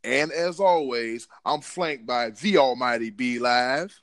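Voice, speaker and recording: A man's voice: mid-range voice, slow, fairly bright tone, dry recording. A man hosting a casual sports podcast, hyped up, slangy and self-mocking. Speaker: podcast host.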